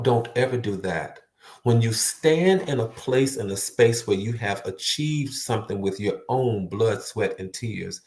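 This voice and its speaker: Speaking to the viewer in a lowish, creaky voice, this motivational speaker delivers an earnest talk full of emphasis and words repeated for stress. There's a roomy echo on the recording.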